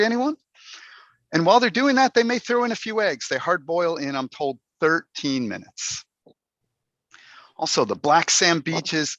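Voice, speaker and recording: Bright, playful man on a dull video call. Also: fairly high pitch, no echo. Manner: playful, animated storyteller with mock dismay. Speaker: Toastmasters speaker. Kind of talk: humorous prepared speech on a video call.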